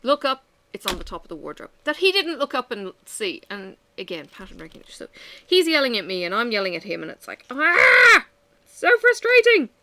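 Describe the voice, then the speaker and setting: Female vlogger, bright voice, unfiltered venting chat at home. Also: medium pitch, very animated, fast, a little hiss or hum. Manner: candid, venting, sighing. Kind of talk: casual chat while crafting.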